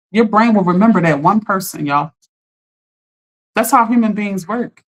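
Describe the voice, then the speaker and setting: A woman's voice: mid-range voice, normal speed. A woman giving an emphatic, encouraging motivational talk as a life coach, speaking straight to her live-stream viewers as "y'all.". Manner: earnest and encouraging, greeting viewers by name.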